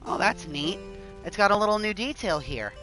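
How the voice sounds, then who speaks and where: Chatty high-voiced male gamer. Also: animated, normal speed, sharp tone. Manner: casual, chatty. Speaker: game streamer. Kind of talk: let's-play commentary. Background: game music.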